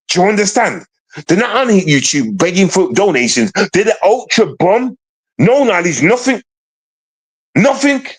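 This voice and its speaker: A man's voice: sits high, husky. Profane man ranting at trolls. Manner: confrontational, repetitive, profane. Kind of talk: casual livestream rant.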